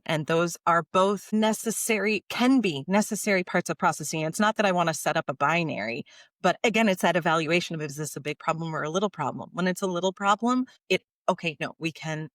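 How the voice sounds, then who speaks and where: A woman, a podcast guest, telling stories in a casual, animated way and acting out the people in them. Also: lowish voice, no room sound, clean studio sound. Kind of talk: casual storytelling.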